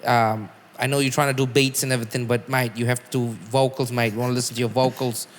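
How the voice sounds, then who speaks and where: A man's voice: medium pitch, flat delivery, fast talker, long reverb tail, slight background noise, lightly acted. A man imitating a British male music mentor with a British accent, who urges a student, repeating "mate" as he talks. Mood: urging.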